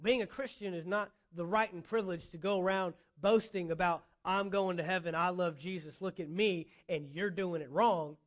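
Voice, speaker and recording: A man with a high-pitched voice preaches a sermon. He speaks earnestly, building emphasis as he goes, and acts out imagined dialogue to make his points. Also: steady tone, moderate pace, few pauses. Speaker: pastor.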